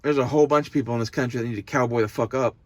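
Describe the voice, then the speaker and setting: A man's voice: medium pitch, fairly even intonation, rapid-fire, no echo. A young man, talking to the camera in a loose, profane, meandering monologue that turns emotional at times. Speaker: vlogger. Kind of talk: casual rambling monologue.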